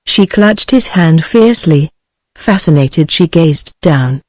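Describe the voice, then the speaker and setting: A synthetic text-to-speech voice of a woman with a British English accent, narrating a novel in a steady, even, machine-like delivery. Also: deep voice, slow, no room sound, poor audio. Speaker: audiobook narrator.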